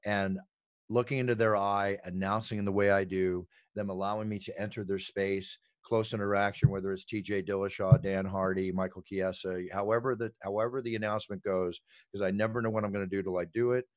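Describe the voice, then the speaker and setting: A middle-aged man telling stories in an animated, emphatic way as an interview guest. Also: lowish voice, a little fast, dry recording. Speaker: ring announcer and guest. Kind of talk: energetic interview talk.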